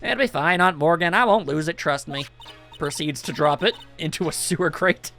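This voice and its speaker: A man's voice: a little high, moderate pace, creaky, pushed and bright, soft background music. A man giving casual, jokey commentary over a video game, reading the on-screen text aloud. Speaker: let's play commentator.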